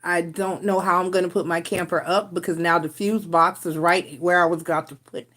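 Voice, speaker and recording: A woman's voice: on the low side, steady tone, a little fast, a bit bright. Frustrated woman chatting on a live stream. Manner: rambling, frustrated, with restarts and sighs. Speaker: tarot reader and live stream host. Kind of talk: casual live stream chat.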